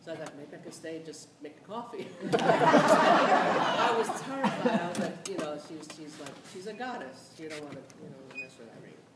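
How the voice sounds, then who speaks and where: A middle-aged woman from the South Bronx, telling stories on a panel in a blunt, animated way, swearing freely and laughing often. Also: low-pitched, fast talker, hardly any pauses. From South Bronx, New York. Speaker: playwright on a discussion panel. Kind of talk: candid storytelling on a panel. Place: theatre or auditorium. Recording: echoey hall, distant mic, noisy.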